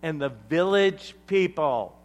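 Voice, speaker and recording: A man preaching a sermon to a congregation, swinging between loud emphatic lines and hushed asides, joking with the room. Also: fairly high pitch, expressive, slow. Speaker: pastor.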